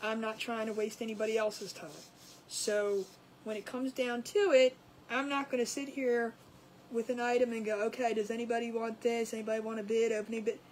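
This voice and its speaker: Chatty high-voiced woman streamer. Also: slight background noise, low-quality recording. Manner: rambling and chatty, greets viewers by name. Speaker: craft livestream host. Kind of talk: casual live-stream chat.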